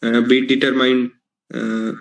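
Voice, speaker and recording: Hesitant Indian student, flat voice. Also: male voice, medium pitch, measured pace, poor audio. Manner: hesitant, many "uh" fillers. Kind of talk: classroom speaking practice.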